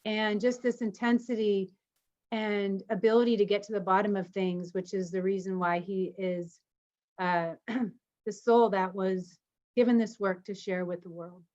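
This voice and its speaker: A woman co-hosting an online meeting, telling a personal story in an animated way and laughing as she goes. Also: medium pitch, a little slow. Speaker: co-host of an online community meeting. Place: home, on a video call. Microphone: video call. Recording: slightly dull video call audio.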